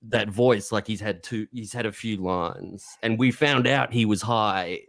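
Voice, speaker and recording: A man co-hosting a podcast, chatting casually and relaxed while he recounts what happened. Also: fairly low pitch, unhurried, gravelly. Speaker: podcast co-host.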